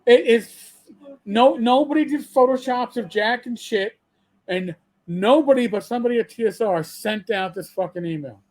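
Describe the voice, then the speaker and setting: A man's voice: very high-pitched, moderate pace, a little mellow. A man hosting his own podcast, delivering an angry rant with frequent swearing and stammered restarts, repeating himself as he gets worked up. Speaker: channel host.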